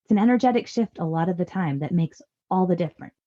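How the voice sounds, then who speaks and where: A woman's voice: fairly low pitch, animated, fast, lo-fi sound. A woman in her thirties giving earnest, reassuring parenting advice in a podcast conversation. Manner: earnest and reassuring, acts out parent lines softly. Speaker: parenting guest expert.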